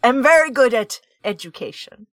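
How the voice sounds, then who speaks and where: Woman doing a gruff Russian-accented brawler. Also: a little high, lively intonation, normal speed, no echo, clean studio sound, natural voice. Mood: blunt. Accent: put-on Russian. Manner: clipped broken phrasing, dropped articles. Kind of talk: tabletop role-play.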